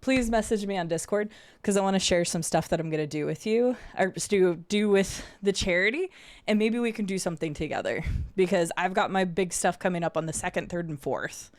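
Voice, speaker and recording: A young woman streaming a game, chatting casually and getting emotional and excitable, with casual swearing. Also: on the low side, brisk. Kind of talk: casual live-stream gaming chat.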